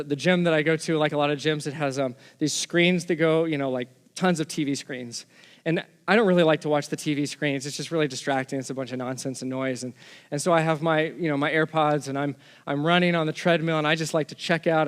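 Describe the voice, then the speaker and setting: A man's voice: on the high side, long reverb tail. A man from Texas, a pastor giving a sermon in a conversational storytelling way, often restarting his phrases.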